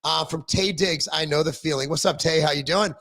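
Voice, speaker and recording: A man's voice: on the high side, fairly even intonation, brisk, gravelly, bright, forceful tone. A middle-aged man hosting a casual livestream, reading viewer comments aloud and answering them in a rambling, self-deprecating way with frequent ums and restarts.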